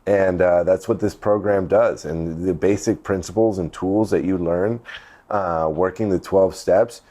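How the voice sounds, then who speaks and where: A man's voice: sits low, steady tone, unhurried, dark tone. A man who hosts a recovery podcast, speaking steadily and earnestly about the program and explaining its slogans. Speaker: podcast host, recovery center partner.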